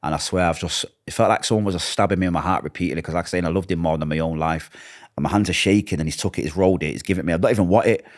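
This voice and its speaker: A low-voiced man with a Mancunian accent recounts his past at a quick, tumbling pace. He is middle-aged and acts out each exchange as he tells it, shifting into the voices of the people he is quoting. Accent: Mancunian English. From Manchester, England. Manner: emotional, vivid retelling with acted-out dialogue. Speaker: interview guest. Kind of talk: personal storytelling in an interview.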